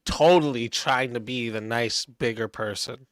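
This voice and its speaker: A man's voice: medium pitch, a little slow, dry recording. A man streaming live, reacting to chat in a crude, combative, mocking way. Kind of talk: livestream commentary.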